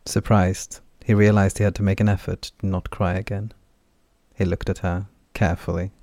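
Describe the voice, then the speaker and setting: A man narrating a fantasy audiobook in a calm, even storytelling manner. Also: deep voice, moderate pace, no room sound.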